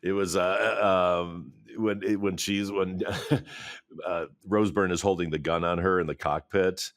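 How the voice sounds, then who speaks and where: A man, a film director, talking in an interview from his office, animated, laughing often and acting out quotes. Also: low-pitched, a little slow, dry recording, studio quality. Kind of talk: interview conversation.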